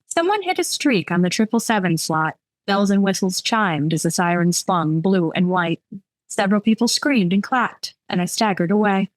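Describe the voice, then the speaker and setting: A woman romance author, chatting candidly and reading aloud from her novel, self-deprecating and quick to laugh. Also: mid-range voice, animated, no room sound, poor audio.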